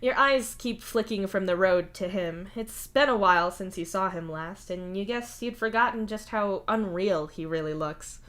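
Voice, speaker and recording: A woman reading fan fiction aloud in a steady, wry second-person narration. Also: medium pitch, moderate pace, few pauses. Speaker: fanfic reader.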